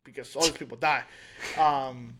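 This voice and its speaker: Excitable man rambling about a show. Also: medium pitch, moderate pace, noisy background. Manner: excited, rambling, with restarts and laughs. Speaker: podcast co-host. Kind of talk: casual chat.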